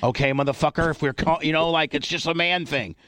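A man's voice: fairly high pitch, fairly quick, a bit bright. A man hosting a crude, joking talk show, swearing freely and bantering with co-hosts. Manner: profane, boisterous, joking. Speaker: radio show host.

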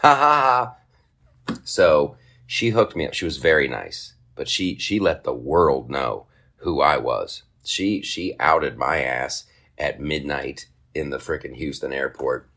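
A man hosting a podcast, telling a comic story in a casual, profane way and jumping into high mocking voices for other people. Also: lively intonation, slow, bright, forceful tone. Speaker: podcast host.

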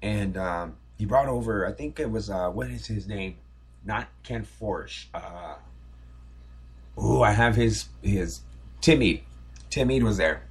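Husky, low-voiced man rambling nostalgically. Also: normal speed. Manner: rambling, nostalgic storytelling with many restarts. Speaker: podcast host. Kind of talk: casual solo podcast monologue.

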